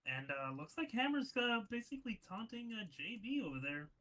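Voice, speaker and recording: High, bright-voiced excitable wrestling commentator. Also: male voice, fairly quick, poor audio. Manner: excitable, laughs and shouts at big moves; chatty, many fillers and restarts. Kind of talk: live play-by-play commentary.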